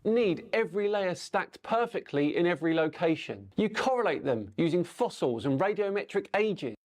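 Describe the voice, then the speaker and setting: A man with a notably high voice reads scripted narration. He explains things calmly and evenly. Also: normal speed.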